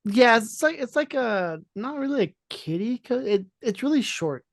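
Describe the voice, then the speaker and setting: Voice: medium pitch, lively intonation, normal speed, gravelly, dry recording, studio quality. A podcast co-host describing a theme park ride in a hesitant way, with many fillers and restarts. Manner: hesitant, full of fillers, describes things with gestures. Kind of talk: casual chat.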